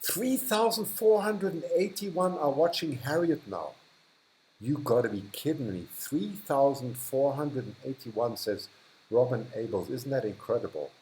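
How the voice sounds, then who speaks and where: A man's voice: mid-range voice, lively intonation, a little slow, a little mellow, slight background noise, rough recording. A man hosting a live stream from a hot, humid indoor room, chatting casually as he reads and thanks viewers, often restarting sentences and chuckling. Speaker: livestream host.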